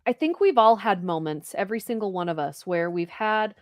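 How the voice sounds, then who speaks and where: A woman hosting an interview, supportive and quick to agree, leading into a film clip. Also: mid-range voice, lively intonation, no room sound, studio quality, faint music behind. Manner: supportive, frequent short agreements. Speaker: interview host. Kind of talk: casual interview talk.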